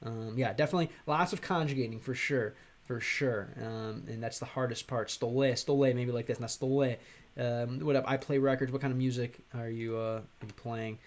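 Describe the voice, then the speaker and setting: An American man from Chicago chatting casually on a livestream, rambling and halting, with many fillers and restarts. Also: mid-range voice, steady tone. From Chicago, USA. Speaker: streamer and language learner.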